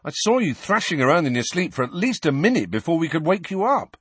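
A man's voice: fairly high pitch, sing-song, quick pace, fairly bright tone, husky, dry recording, pitched above the performer's own voice, exaggerated voice. A man reading an audiobook and voicing a casual, matey teenage boy.

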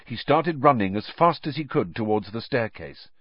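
A man's voice: medium pitch, expressive, moderate pace, husky, dry recording. A man reading a novel aloud as an audiobook narrator, with dramatic storytelling. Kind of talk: scripted narration. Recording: dull dry recording.

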